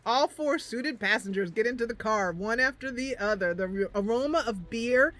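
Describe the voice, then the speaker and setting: A woman hosting a gaming channel, reading a story game aloud with giggly, expressive commentary. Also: fairly high pitch, moderate pace.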